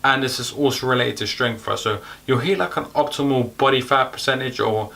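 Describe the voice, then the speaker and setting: A young man giving casual fitness advice to the camera in an energetic, chatty way, a little out of breath. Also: mid-range voice, brisk, gravelly. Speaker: fitness youtuber.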